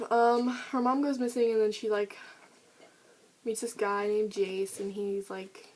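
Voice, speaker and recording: A woman's voice: medium pitch, huge pitch swings, takes it slowly, creaky, a little mellow, slight background noise, rough recording. A teenage girl chatting eagerly about her favorite books, with lots of fillers, recorded on a camera mic. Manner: gushing, chatty, many fillers. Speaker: book vlogger. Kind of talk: casual book review vlog.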